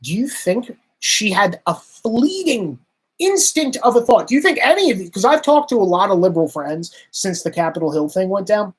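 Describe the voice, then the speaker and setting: A man's voice: high voice, sing-song, normal speed, husky. A male commentator delivering a political rant. He is sarcastic and exasperated, and he drives home each point by repeating it. His voice swings between mockery and frustration. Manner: emphatic, repetitive.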